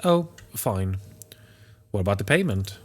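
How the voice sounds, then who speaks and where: A man's voice: fairly low pitch, sing-song, a little slow. A man doing a haughty rich lady. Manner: haughty, dismissive. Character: haughty wealthy older woman resident.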